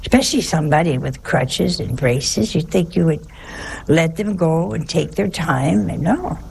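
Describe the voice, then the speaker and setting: A woman's voice: deep voice, measured pace, vocal fry, darkish tone, slightly rough. A woman who is a nun, giving a chatty sermon-style talk, telling stories and asking her listeners rhetorical questions.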